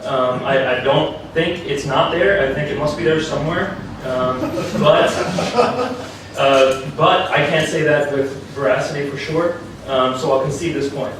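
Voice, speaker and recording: A man gives a formal debate speech in a fairly high voice, pushing an argument through a string of cited sources. His voice rises sharply when he stresses a point. The mic picks him up from a distance, with heavy echo from a large hall and faint room noise behind him. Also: fairly even intonation. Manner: argumentative, citing sources in quick succession; emphatic, pitch jumps up on key points.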